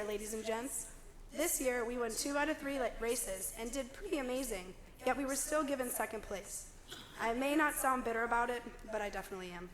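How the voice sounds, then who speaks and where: A hoarse young woman speaks as class president, her voice worn thin and a little high. She delivers her graduation speech with wry humor, and a long reverb trails her words through the hall. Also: a bit bright. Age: young adult. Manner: wry, joking asides. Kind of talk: commencement speech.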